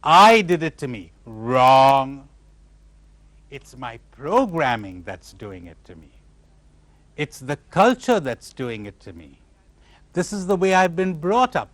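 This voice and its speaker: Animated man giving a spiritual talk. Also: mid-range voice, takes it slowly, long pauses, dry recording. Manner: animated, questioning listeners, acting out imagined replies. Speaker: spiritual teacher. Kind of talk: spiritual lecture to a live audience.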